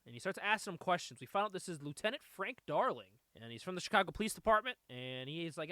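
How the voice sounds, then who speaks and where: A man with a high, bright, sharp voice hosts a casual comic book chat. His pitch swoops up and down constantly as he talks. He laughs often and swears freely. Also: big pitch swings, fast, few pauses, dry recording. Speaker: podcast host.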